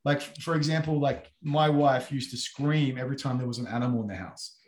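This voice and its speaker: A man with an Australian accent talks in a casual discussion, animated and full of filler words as he tells stories. His voice is mid-pitched and bounces around a roomy, echoing space. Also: fairly quick, slight background noise. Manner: animated storytelling with many fillers.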